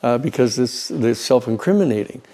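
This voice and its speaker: A man, a lawyer, telling stories in an animated, conversational way, often repeating words as he builds a point. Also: mid-range voice, normal speed. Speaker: lawyer and institute president. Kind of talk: conversational storytelling.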